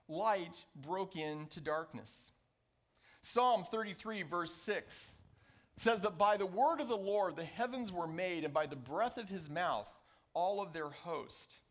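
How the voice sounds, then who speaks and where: A man preaching a sermon as a pastor, reading scripture aloud and slowing down to stress key phrases. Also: high-pitched, a bit bright. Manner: reads scripture passages aloud.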